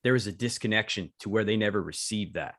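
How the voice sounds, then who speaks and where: A man's voice: on the low side, fast talker, fairly bright tone, no room sound, clean studio sound. A man hosting a podcast, affirming and reflective as he responds to his guest. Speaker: podcast host. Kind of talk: podcast interview.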